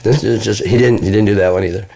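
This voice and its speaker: A man's voice: on the low side, steady tone, fast, creaky, warm tone. A man voicing a paranoid, frantic man who is convinced he is cursed, swearing and arguing with himself. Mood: exasperated.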